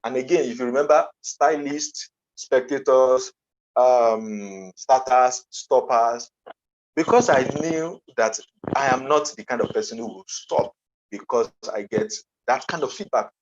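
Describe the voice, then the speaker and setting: A man's voice: medium pitch, unhurried. A man with a Nigerian accent giving an earnest motivational conference talk as a coach, emphatic and repeating his key phrases. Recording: dull lo-fi online conference audio.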